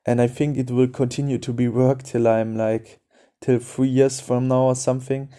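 A man hosts a casual advice podcast, speaking in a direct, coaching way and circling back over the same points. His voice sits in a middle pitch with a very dark, mellow timbre. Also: level tone, moderate pace. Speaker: podcast host.

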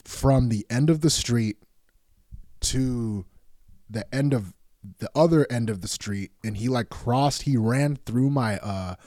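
A man's voice: mid-range voice, takes it slowly, mellow, no echo, clean studio sound. A man telling a rambling, heated story in casual speech, swearing often.

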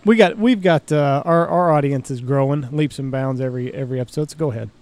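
A man's voice: medium pitch, quick pace, a little mellow. A man co-hosting a podcast, trading teasing, wry banter in a casual chat. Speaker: podcast co-host.

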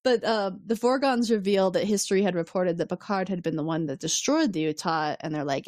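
A woman's voice: on the low side, a little fast, few pauses, darkish tone, no room sound, clean studio sound. A woman co-hosting a casual recap podcast, laughing often and acting out characters' lines as she retells the plot. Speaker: podcast co-host.

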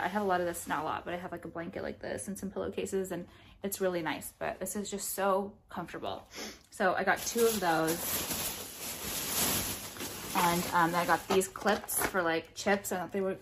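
A woman's voice: fairly low pitch, steady tone, normal speed, background noise. A woman vlogger chatting casually to viewers about things she bought, blunt and profane, ranting now and then. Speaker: vlogger showing purchases. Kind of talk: casual haul chat to viewers.

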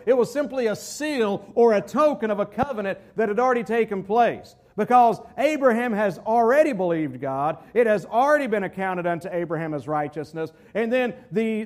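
A middle-aged man, a pastor, preaching a sermon in a conversational way, with asides and quoted voices. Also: high-pitched.

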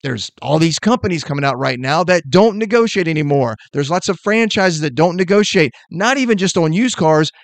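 A middle-aged man hosting a sales podcast, giving an energetic motivational talk in a fast, emphatic and blunt way. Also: fairly high pitch, dry recording.

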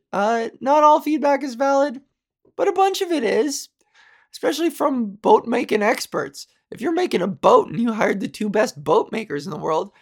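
Scratchy-voiced woman rambling through a podcast. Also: gravelly. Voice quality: scratchy low voice. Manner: rambling, self-deprecating, swears freely. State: sore voice. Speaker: podcast host. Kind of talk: casual solo monologue.

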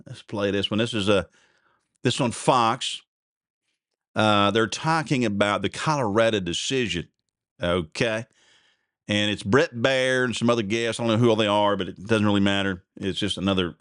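This is a middle-aged man hosting his radio show, rambling and folksy, tripping over his words as he chats. His voice sits fairly low. The sound is dry and close, with no room behind it. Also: normal speed, a bit bright, no room sound. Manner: rambling, chatty, folksy with many restarts. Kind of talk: casual radio talk.

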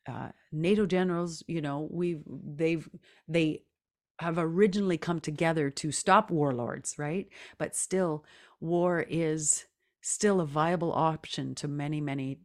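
A low-voiced middle-aged woman talks as a podcast guest. She is earnest and reflective, and she laughs easily between thoughts. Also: a little mellow. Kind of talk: casual interview talk.

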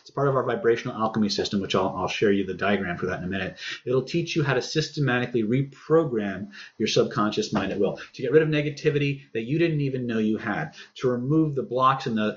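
A man presenting a self-help seminar and pitching courses in a salesy way, with many fillers and restarts. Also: highs cut off, slight background noise.

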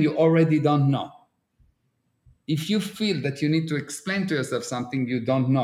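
With a slightly high, somewhat mellow voice, an Israeli-accented man explains concepts sincerely during a relaxed podcast chat. He draws on everyday examples and uses non-native grammar, and the room echo is noticeable.

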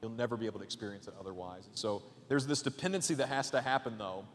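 A man preaching a sermon as a guest pastor in a church, casual and chatty, swinging between loud emphatic points and hushed asides. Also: lowish voice, fast talker, long reverb tail, a little hiss or hum. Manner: casual, chatty with fillers and jokes. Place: church auditorium.

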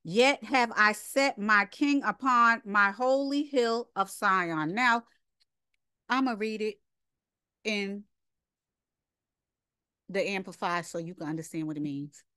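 A woman's voice: mid-range voice, takes it slowly, pauses often, bright, forceful tone, clean tone, no room sound, clean studio sound. A woman teaching a casual scripture lesson, reading verses aloud and then commenting directly to her listeners. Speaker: Bible study teacher.

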